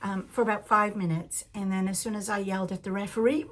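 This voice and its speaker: A woman hosting a knitting podcast in a rambling, chatty way, with frequent laughs and animated asides. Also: mid-range voice, quick pace.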